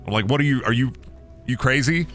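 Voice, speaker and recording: A man's voice: mid-range voice, a little fast, faint music behind. A young man streaming a game, casually telling a long rambling anecdote with many fillers and curses. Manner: rambling, animated anecdote with lots of fillers and swearing.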